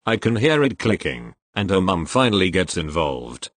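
A man reading online posts aloud as storytelling, in a wry, expressive manner. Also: low voice, normal speed, hardly any pauses, no room sound.

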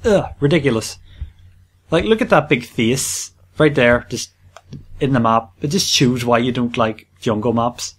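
A man giving casual gameplay commentary as a gaming channel host, playful and jokey with excitable rambling. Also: mid-range voice, unhurried.

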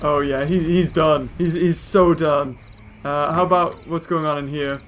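A man giving excitable let's-play commentary as a gaming video host, exclaiming at the action on screen. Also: a little high, unhurried, slight background noise.

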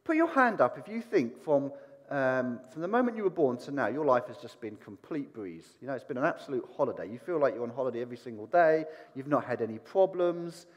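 A man preaching a sermon, animated and putting questions to the congregation. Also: medium pitch, fairly quick, in a large hall, muffled recording. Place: church hall.

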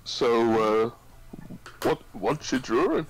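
A man's voice: medium pitch, expressive, slow, slightly rough, poor audio. A man from Devon co-hosting an art stream, teasing and self-deprecating in casual chat. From Devon, England. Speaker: co-host.

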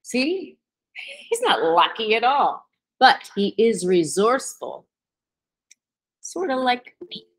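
A woman reading a play aloud as a wry narrator who recalls a childhood movie, in measured storytelling. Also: on the high side, very animated, heavily acted, poor audio. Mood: reflective. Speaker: reader in a readers theatre. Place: room with a small live audience.

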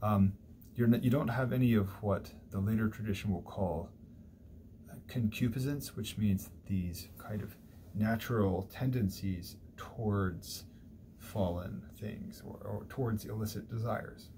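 A man's voice: lowish voice, a little slow, warm tone, a little hiss or hum. A man lecturing on a classic poem, conversational and digressive, thinking aloud with small restarts. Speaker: literature lecturer. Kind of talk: recorded university lecture. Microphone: single mic, recorded lecture.

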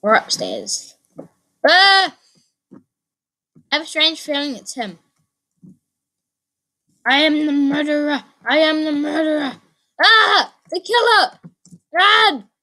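A woman hosting her own gaming channel, giving excitable let's play commentary, repeating phrases and letting out sudden yelps. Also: sits high, slow pace, long pauses.

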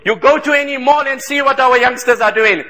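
Emphatic high-voiced male preacher. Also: fairly quick, pushed and bright. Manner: emphatic, repeats phrases for stress. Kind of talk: impassioned sermon.

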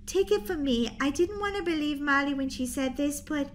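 A woman's voice: high voice, moderate pace, a little hiss or hum, close to an everyday voice. A woman voicing a sensible, bossy teenage sister who talks in a dry, teasing way in a roleplay voiceover. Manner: matter-of-fact and teasing.

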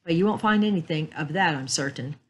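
A woman voicing a cranky elderly male stamp collector who sounds gruff and suspicious. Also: deep voice, animated, a little fast, dull audio, slight background noise. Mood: dismissive.

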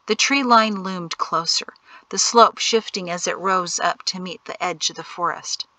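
A woman narrates an audiobook in a measured storytelling voice, now and then dropping to a hush. Her tone is bright and sits close and dry, with no room around it. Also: lowish voice, dry recording. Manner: measured storytelling, softening to hushed whispers. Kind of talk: scripted narration.

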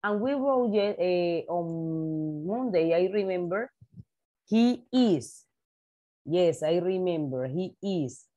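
A woman teacher, slowly repeating vocabulary words for young pupils in an English lesson. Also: lowish voice, expressive, mellow, muffled recording. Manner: slow, repetitive drilling of vocabulary words. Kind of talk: online class for young children.

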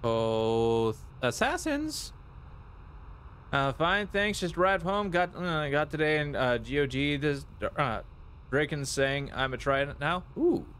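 A man's voice: fairly high pitch, expressive, slow pace, a bit bright, a little hiss or hum. A man streaming a game live, chatting casually and greeting viewers as he plays.

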